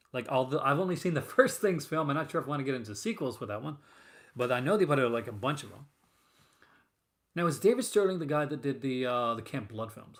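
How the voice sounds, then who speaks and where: A man hosting a casual stream, rambling and full of fillers and restarts as he chats with viewers. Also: medium pitch. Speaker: host of a horror film collecting show. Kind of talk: casual live-stream chat.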